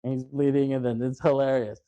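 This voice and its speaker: Male podcast host, casual rambling film recap, warm mellow tone, dry close sound. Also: medium pitch, level tone, brisk, no room sound, lo-fi sound. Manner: rambling retelling, full of fillers and swearing. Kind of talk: casual movie recap chat.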